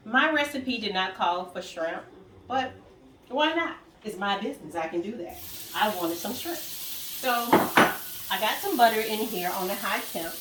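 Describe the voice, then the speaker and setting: A woman talks through a recipe at her stove in a chatty, rambling way, often correcting herself mid-sentence. Her voice is middle-pitched and sits back from the camera in a room with a lot of echo. Food fries and sizzles faintly behind her. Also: animated, measured pace, far from the mic, noisy background. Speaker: cooking vlogger. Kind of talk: casual cooking vlog. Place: home kitchen, cooking at the stove.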